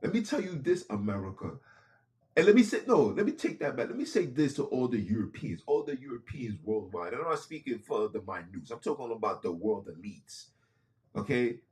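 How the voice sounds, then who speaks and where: A man delivers a fervent podcast monologue at a mid-range pitch. He hammers his points by repeating phrases and restarting sentences. His phrasing stays casual, like talk on the street. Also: big pitch swings, fairly quick, a little mellow. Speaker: podcast host.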